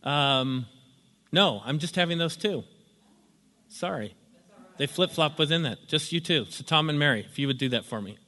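Brief: relaxed man teaching a workshop, bright tone, reverberant meeting room. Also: a little high, normal speed, long pauses. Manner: conversational, frequent "you know". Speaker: workshop instructor. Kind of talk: casual classroom lecture.

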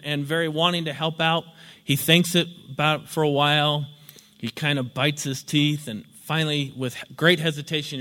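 A man's voice: on the high side, pushed and bright. Man lecturing in a reverberant hall. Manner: storytelling, explanatory. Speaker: teacher. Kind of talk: spoken lecture with acted examples.

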